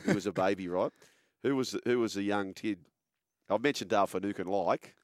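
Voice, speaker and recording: A man hosting a casual sports chat, telling an animated yarn. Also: on the low side, brisk, dry recording, studio quality.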